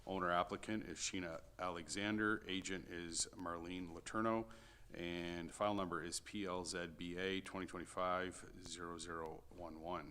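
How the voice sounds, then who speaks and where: A man chairing a city planning committee meeting, reading motions and calling votes in a brisk procedural way. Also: low voice, pushed and bright.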